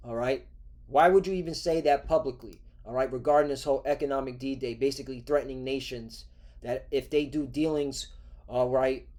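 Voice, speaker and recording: Brief: cursing male preacher-style host, rambling rant, mid pitch. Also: a little mellow. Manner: profane, ranting, repeats "all right?". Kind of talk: religious news commentary.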